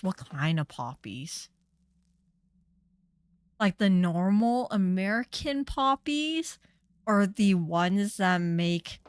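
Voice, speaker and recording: A woman's voice: lowish voice, smooth, dry recording. A young woman streamer giving casual, chatty gaming commentary that turns indignant and rambling.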